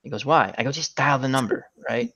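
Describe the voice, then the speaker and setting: Middle-aged male host, casual joking storyteller, mid pitch, slightly muffled lo-fi audio. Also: fairly quick, fairly bright tone. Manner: joking storyteller, acts out voices in anecdotes. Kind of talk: casual chat.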